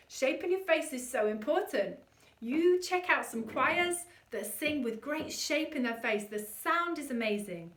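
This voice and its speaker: A woman voice coach leading an energetic vocal warm-up and demonstrating the exercises herself. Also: high voice, a little slow, reverberant, far from the mic, music in the background.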